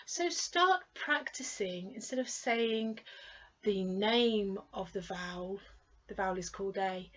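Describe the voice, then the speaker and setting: In an English pronunciation lesson, a woman with a British accent draws out every model word and patiently repeats them for learners to imitate. She speaks slowly in an expressive, medium-pitched, slightly bright voice, captured on dull audio.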